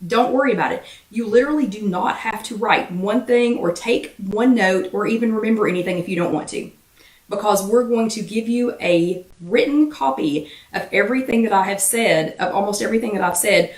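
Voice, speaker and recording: Fast-talking Southern woman hosting a chat. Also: medium pitch, roomy sound, recorded from a distance. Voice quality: slightly irritated voice. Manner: fast-talking, chatty, greets many viewers by name. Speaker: host of a live weight-loss chat. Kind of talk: casual livestream chat greeting viewers.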